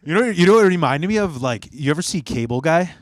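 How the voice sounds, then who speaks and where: A man's voice: fairly high pitch, expressive, fast talker, no echo. Rambling, profane man in casual chat. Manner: rambling, profane, lots of fillers. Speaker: podcast co-host.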